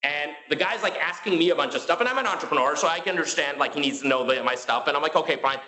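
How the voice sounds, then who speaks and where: A man telling his story as a guest in a casual interview. He talks in a rapid, filler-heavy way and acts out the dialogue he quotes. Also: a little high, sharp tone, echoey room, low-quality recording.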